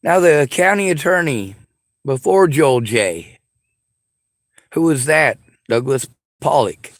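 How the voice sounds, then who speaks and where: A man's voice: on the high side, lively intonation, slow pace, no room sound, clean studio sound. A man delivering a sarcastic, profanity-laced rant straight to his audience. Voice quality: sarcastic, combative. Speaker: vlogger. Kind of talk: angry profane rant to camera.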